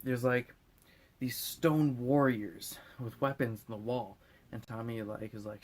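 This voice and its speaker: A man's voice: medium pitch, steady tone, a little slow, a little mellow. A drunk man recapping a movie in a loose, crude, rambling way, often acting out lines in silly voices. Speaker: host.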